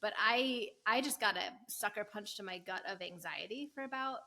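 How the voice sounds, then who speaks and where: A woman's voice: medium pitch, moderate pace, bright, forceful tone. A young woman co-hosting a podcast, chatting frankly and vividly about new motherhood. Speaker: podcast co-host. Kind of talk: casual chat.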